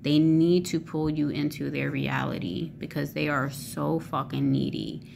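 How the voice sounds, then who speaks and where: Low gravelly-voiced woman vlogging, rambles with lots of ums and likes, swears casually, faint hiss behind. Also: a little slow. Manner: rambling, many fillers, swears freely. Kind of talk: casual chat to camera.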